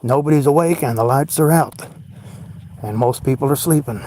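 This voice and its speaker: A man's voice: medium pitch, moderate pace, warm tone, a little hiss or hum. A man from Oklahoma rambling and swearing to his viewers as he walks through a cemetery at night, talking into a handheld phone. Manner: profane, rambling, self-deprecating, talks to viewers. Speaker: livestream vlogger. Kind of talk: rambling late-night livestream walk.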